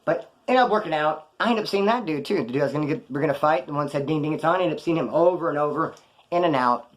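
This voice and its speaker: Fast-talking profane man telling stories. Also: fairly high pitch. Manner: blunt, profane, slangy, acts out dialogue. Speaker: former prisoner telling stories. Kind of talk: casual storytelling.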